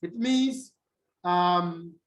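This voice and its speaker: A man with a high voice teaches at an unhurried pace over a video call. He asks questions and then answers them himself. He says example words twice, slowly, to show the stress. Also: soft background music, low-quality recording. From Nigeria. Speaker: English tutor. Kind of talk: online tutorial lesson.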